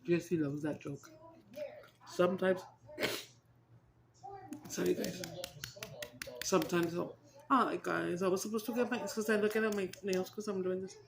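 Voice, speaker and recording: A woman's voice: on the low side, fairly even intonation, measured pace, vocal fry, long pauses, crowd noise. A woman chatting casually to her viewers as a vlogger, laughing often and mixing in Spanish. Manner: giggly, breaks into laughter, mixes Spanish into English. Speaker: mukbang vlogger.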